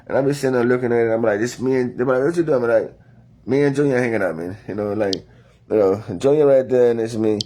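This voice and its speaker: Talking fast to the camera after a few drinks, this male vlogger wanders through a casual monologue heavy on slang and curse words. His voice is medium in pitch with a dark tone.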